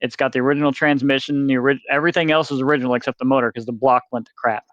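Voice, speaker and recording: A man's voice: medium pitch, steady tone, very fast, a bit bright, no room sound, dull audio. A man telling a rambling story as a podcast guest, swearing freely and acting out the people he quotes. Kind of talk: casual storytelling.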